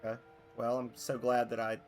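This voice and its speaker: A man's voice: medium pitch, completely flat delivery, fairly quick, soft background music. A man casually commenting on a video game, reading its dialogue aloud and making chatty, wry asides. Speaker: let's play host.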